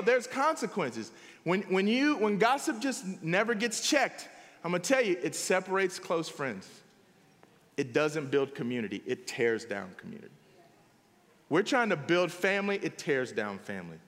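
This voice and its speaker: A pastor preaches in a high, very animated voice that climbs and drops across the phrases. He talks to the congregation in a casual, emphatic way. The sound rings with the long reverb of a church hall. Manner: conversational, emphatic preaching with frequent "here's the deal". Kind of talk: sermon. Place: church sanctuary.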